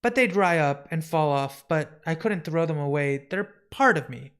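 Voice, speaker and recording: A man with a fairly high, animated, somewhat bright and smooth voice reads a comic book aloud live. He voices a sad, lonely shapeshifting woman who stammers and hesitates, sounding despairing as she talks of wanting to die.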